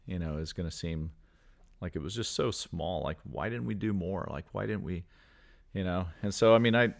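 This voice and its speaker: A man's voice: sits low, normal speed, gravelly. A man co-hosting a faith-based chat who reflects aloud with many "you know"s.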